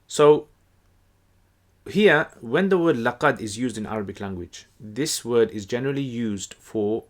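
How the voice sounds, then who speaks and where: A man giving a casual explanatory lesson, conversational and relaxed, with many fillers and restarts. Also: mid-range voice, a little slow. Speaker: Quran teacher.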